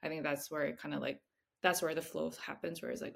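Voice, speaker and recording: A woman author with a low, gravelly voice talks through her book in a relaxed interview. She hedges her way through thoughts with plenty of "like" fillers and slips into laughter often. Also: brisk. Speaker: picture book author and illustrator. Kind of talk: casual interview chat.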